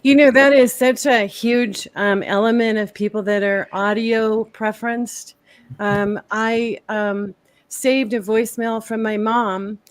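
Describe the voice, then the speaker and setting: Higher-pitched woman rambling through a story, lots of ums, dry sound. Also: fairly even intonation, takes it slowly, no echo. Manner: chatty storytelling with many fillers. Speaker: guest tarot reader and medium. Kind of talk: casual chat.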